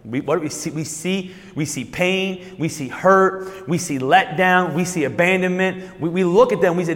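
A pastor with a high voice preaches a sermon in a big-sounding room. He repeats and restarts words, then slows down and raises his voice to stress key points.

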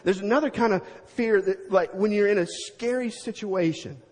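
Middle-aged male preacher, high husky voice, lively storyteller, echoing hall. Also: moderate pace. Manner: animated, acts out scenes with sound effects. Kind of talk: storytelling sermon.

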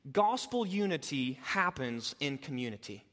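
A man preaching an expository sermon, moving between quiet explanation and loud, emphatic urging. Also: medium pitch, very animated, a little slow, long reverb tail. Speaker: pastor.

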